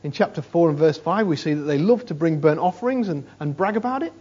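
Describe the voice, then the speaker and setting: A man's voice: on the high side, lively intonation, fast talker, darkish tone, breathy edge. A man preaching a conversational sermon, repeating phrases for emphasis and often saying "you know". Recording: dull lo-fi sermon recording.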